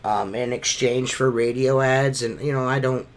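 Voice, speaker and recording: A man's voice: medium pitch, fairly even intonation, normal speed. A man telling stories in a casual podcast chat, swearing freely and ranting about bills. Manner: profane, ranting storyteller. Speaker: podcast host.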